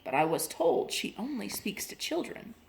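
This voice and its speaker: A woman's voice: a little high, very animated, moderate pace, vocal fry, voice pushed up, heavily acted. A woman voicing a polite, firm mother in a storybook reading. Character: proper, slightly worried mother.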